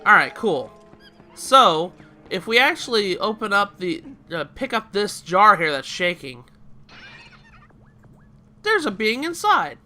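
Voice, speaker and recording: Guy narrating his game playthrough, laughs a lot, high and kinda sharp voice. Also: animated, unhurried, faint music behind. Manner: chatty, laughs often, explains step by step. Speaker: let's play host. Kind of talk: casual game commentary and walkthrough.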